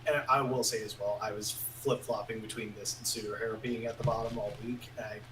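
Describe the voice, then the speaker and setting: A man's voice: fairly low pitch, level tone, brisk. Man, podcast co-host, candid, restarts sentences, far from mic, roomy sound, background noise. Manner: candid, hedging, talks in restarts. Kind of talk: casual podcast discussion.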